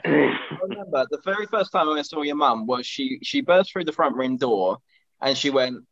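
A man spins long stories among friends, circling back and restarting as he goes. His voice sits at an ordinary pitch, and the recording sounds a little dull and lo-fi. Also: moderate pace, a bit bright. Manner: rambling storyteller with restarts. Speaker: podcast co-host. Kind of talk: casual chat.

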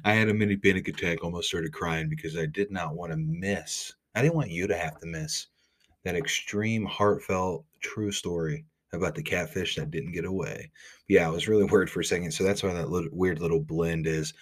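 A man with an Ohio accent hosting a podcast, telling a fishing story in a rambling, animated way with lots of "like". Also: low voice, a little fast. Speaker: podcast host. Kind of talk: casual storytelling.

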